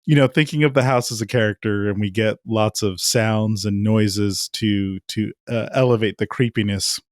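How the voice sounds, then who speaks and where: A man co-hosting a movie podcast in casual chat, animated and joking. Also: on the low side, normal speed, dry recording, clean studio sound. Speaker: podcast co-host.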